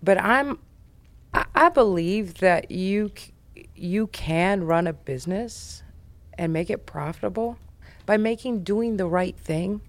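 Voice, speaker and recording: An American woman, a business founder, telling a story as a podcast guest in a brash, profane, animated way. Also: mid-range voice, takes it slowly.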